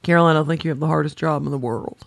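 A woman doing an impression of a smooth, flattering male president. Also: deep voice, very fast. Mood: charming.

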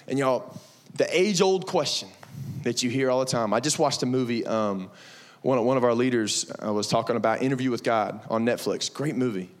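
A young man preaching a lively, conversational sermon to middle schoolers, acting out quotes and saying y'all. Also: mid-range voice, normal speed. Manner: animated, conversational, says y'all, acts out quotes. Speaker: youth pastor. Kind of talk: youth sermon.

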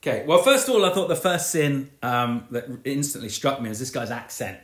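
A man's voice: medium pitch, lively intonation, brisk, a bit bright, echoey room. A man co-hosting a podcast, rambling and sarcastic in casual banter. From British Isles. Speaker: podcast co-host.

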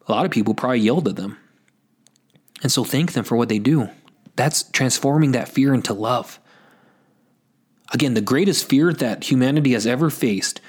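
A man's voice: medium pitch, husky. Earnest man giving pastoral faith talk. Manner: earnest and exhortative, addresses listeners as folks; unscripted, with frequent repeats and restarts. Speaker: host of a Catholic talk show.

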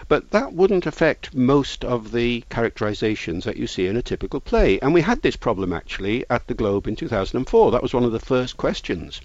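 A man's voice: medium pitch, very animated, brisk, hardly any pauses, a little mellow, no room sound, highs cut off. A man, a linguist guest, explaining points at length in an interview with an authoritative, lecturing manner.

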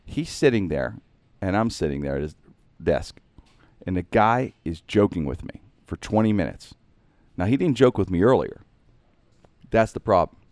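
A man's voice: low voice, moderate pace, dry recording. A middle-aged man hosting a show, telling a long comic story in casual chat and acting out other people's lines. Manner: animated, jokey, acts out other people's lines.

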